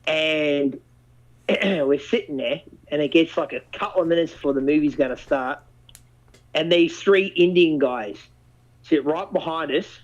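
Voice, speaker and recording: A man talks in a lively, animated storytelling way, swearing freely as he goes. His voice sits a little high for a man. The recording sounds dull and lo-fi. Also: unhurried. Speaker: podcast host. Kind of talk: casual chat. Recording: dull lo-fi audio.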